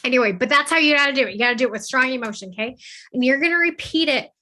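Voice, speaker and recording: Hosting a self-help channel, a woman with a high, bright voice speaks in a forceful yet earnest, encouraging way. She keeps checking in with "okay?" and "right?" and slows down when reciting affirmations.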